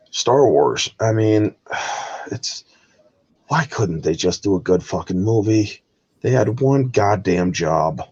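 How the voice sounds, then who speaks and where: A man's voice: on the low side, darkish tone, husky, lo-fi sound. A man hosting a heated live movie review, ranting with constant swearing. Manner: profane, exasperated ranting. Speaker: host.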